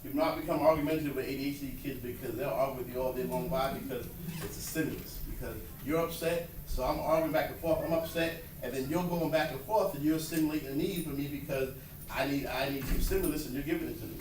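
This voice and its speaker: Fast-talking man in an echoey hall. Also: medium pitch. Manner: fast, animated, acts out quotes. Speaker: speaker at a workshop on students with ADHD. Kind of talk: live talk to educators. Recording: echoey room from far off, noisy.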